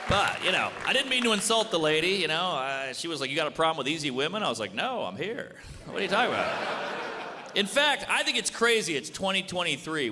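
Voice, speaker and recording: A man in the middle of a stand-up set, his voice pitched a little high and bouncing all over as he snaps out deadpan punchlines. He's on a handheld mic in a club with a long hall reverb, laughter and steady room noise behind him. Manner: brash, rapid deadpan punchlines acting out quoted exchanges. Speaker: stand-up comedian. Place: comedy club stage before a live audience. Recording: live club recording with reverb and crowd.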